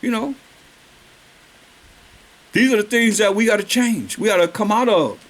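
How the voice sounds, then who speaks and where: A man preaching a sermon, reading scripture verses slowly and then explaining them in casual everyday speech, with questions to his listeners and drawn-out emphasis. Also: sits high, animated.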